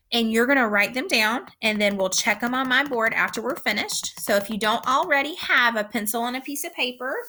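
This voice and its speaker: A woman teacher delivers a recorded phonics lesson for young children, her voice a little high, pushed and bright. She speaks slowly and patiently, enunciating every sound with care and clarity.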